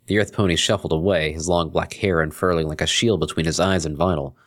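A man narrating a fan fiction story in an expressive reading. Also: sits low, fast, hardly any pauses.

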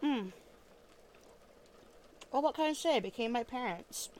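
A woman's voice: on the high side, lively intonation, unhurried, darkish tone, slight background noise. A woman acting as a weary, foul-mouthed female ex-killer trying to live in peace, talking casually with lots of fillers and restarts, sometimes with her mouth full, in an audio role-play drama. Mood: bitter. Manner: chewing food while talking.

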